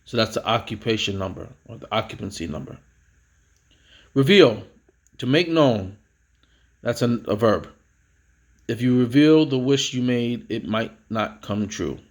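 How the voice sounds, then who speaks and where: A man's voice: lively intonation, measured pace, long pauses. Guy going through vocab words for his class, casual, lots of uhs, stresses each new word. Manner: reads each headword louder and higher, then drops to explain; casual, with fillers and self-corrections. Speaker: teacher. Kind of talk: vocabulary lesson, reading definitions aloud.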